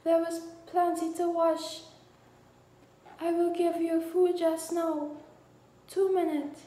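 A woman's voice: very high-pitched, little pitch movement, takes it slowly, mellow, voice pushed up. A woman voicing a frightened teenage wife who pleads timidly. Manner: trembling, pleading. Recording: echoey room with faint ambience.

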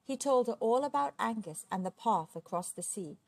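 A woman reading a children's storybook aloud, expressive and steady. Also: a little high, normal speed, vocal fry, no room sound. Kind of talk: children's book read aloud.

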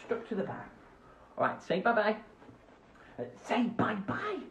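Unhurried, with a voice that sits high, a man hosts a children's radio show streamed live from his home by a window. He's goofy and animated, flitting between voices and asides, captured on a phone camera with roomy sound and slight background noise.

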